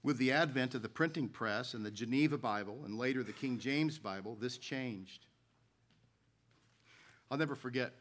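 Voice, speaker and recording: Casting: bright, clear-toned male pastor, earnest storytelling sermon delivery. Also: mid-range voice. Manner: earnest, storytelling preacher who reads scripture aloud.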